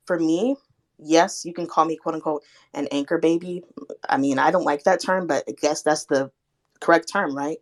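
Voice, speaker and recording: A woman from Alabama, speaking in an earnest, halting way with many restarts in a live online discussion over a phone mic. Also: sits low. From Alabama, USA. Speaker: participant in a discussion. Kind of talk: live audio room debate.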